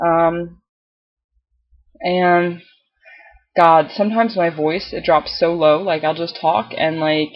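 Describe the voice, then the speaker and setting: A young man with a light, girlish-sounding voice, talking in a casual video diary and pausing often with ums. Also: on the high side, steady tone, muffled recording. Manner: hesitant, full of pauses and "um"s. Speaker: vlogger.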